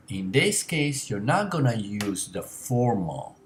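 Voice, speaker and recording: A man teaching an elementary language lesson on a screencast, explaining patiently and slowly with frequent uh and um. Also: lowish voice, very animated, reverberant, a little hiss or hum. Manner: slow, patient explaining with many uh and um.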